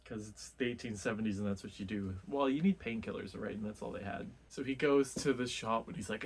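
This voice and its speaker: Low-voiced man rambling about a book. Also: fairly quick, breathy edge. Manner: rambling retelling with many restarts and "like". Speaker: book reviewer. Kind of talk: casual book discussion.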